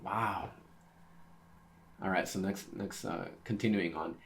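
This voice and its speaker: A man hosting a manga reading reaction, excitable and peppering his talk with "dude". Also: deep voice, takes it slowly, creaky. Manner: excitable, keeps saying dude. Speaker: reaction channel host.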